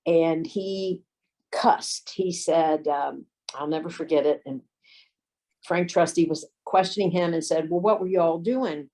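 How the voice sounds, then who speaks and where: Older woman, low-pitched, relaxed raconteur recounting legal career stories. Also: measured pace, rough recording. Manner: folksy anecdotes, acts out quoted voices. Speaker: lawyer and former detective. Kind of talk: storytelling interview.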